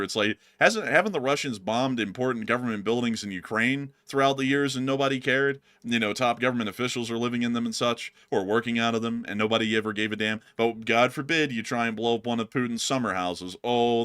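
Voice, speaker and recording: A man's voice: mid-range voice, sharp tone, clear, resonant tone. A man hosting a live commentary stream in a mid-range voice. He rambles, restarts his sentences and fills gaps with fillers, while he reacts to the news and thanks supporters. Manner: rambling, repeats words, many fillers. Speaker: host.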